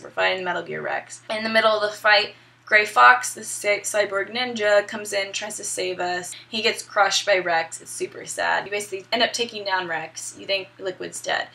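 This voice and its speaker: A woman's voice: mid-range voice, vocal fry, sharp tone. A young woman casually recapping a video game story, chatty and upbeat with some swearing. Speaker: gaming video host.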